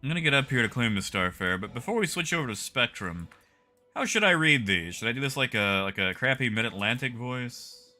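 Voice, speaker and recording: A male game streamer with a very bright, forceful voice chats casually from his home setup. His pitch swings a lot as he talks to viewers by name while he plays. The talk is loose and conversational, with plenty of asides. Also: lively intonation, fairly quick, soft background music. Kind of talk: casual live-stream chat.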